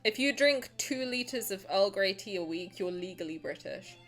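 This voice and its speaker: A young woman from the American South, streaming and chatting casually with her viewers while reading a game story aloud, animated and quick to swear. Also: medium pitch, faint music behind. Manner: chatty and animated, swears freely, laughs at herself.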